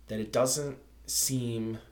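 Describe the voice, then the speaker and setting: A man co-hosting a casual podcast, speaking openly and haltingly about personal feelings, often restarting and laughing between thoughts. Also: mid-range voice, roomy sound. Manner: open, searching, restarts often, laughs while talking. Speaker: podcast co-host. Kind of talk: casual chat.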